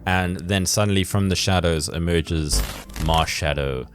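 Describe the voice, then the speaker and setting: A man co-hosting a casual chat, relaxed and playful, with storytelling asides. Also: low-pitched, unhurried, noisy background. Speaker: co-host.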